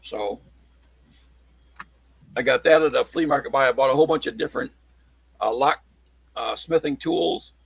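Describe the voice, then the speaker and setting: A man chatting casually on a livestream, showing his locksport tools in a halting, rambling way. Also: medium pitch, creaky, breathy edge, no room sound, poor audio. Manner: halting, rambling show-and-tell.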